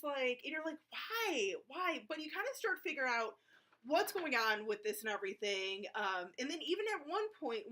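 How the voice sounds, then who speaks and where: A woman's voice, high and bright, talking through a film review in a loose, rambling way. She drifts between points, leans on fillers, and drops blunt, jokey asides. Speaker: movie reviewer. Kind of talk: casual spoken film review.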